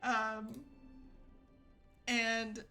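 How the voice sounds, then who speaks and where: A woman's voice: on the high side, completely flat delivery, drawn-out words, sharp tone, soft background music. A woman streamer telling a rambling, chatty story with lots of fillers and giggles. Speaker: gaming streamer. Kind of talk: casual storytelling chat.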